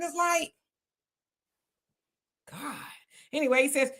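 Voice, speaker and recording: A woman's voice: sits high, a little slow, long pauses, bright, forceful tone. A middle-aged woman hosting a live stream, chatty, laughing often and greeting viewers. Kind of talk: casual live chat reading comments.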